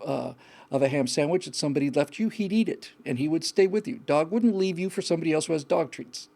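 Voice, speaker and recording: A man's voice: on the high side, gravelly, mellow. A man hosting a live call-in show, giving blunt, frank advice in a rambling way with many restarts. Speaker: host.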